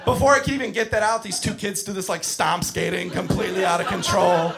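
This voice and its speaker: A young man doing a stand-up comedy set, telling stories with animated, exasperated yelling and plenty of swearing. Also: high-pitched, brisk, creaky, noisy background. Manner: profane. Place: comedy club stage with audience. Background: audience laughter.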